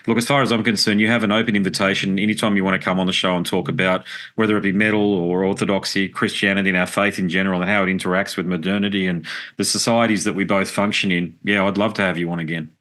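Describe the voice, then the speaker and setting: Male podcast host, lowish voice, chatty anecdotal storyteller. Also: fairly bright tone. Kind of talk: casual podcast conversation.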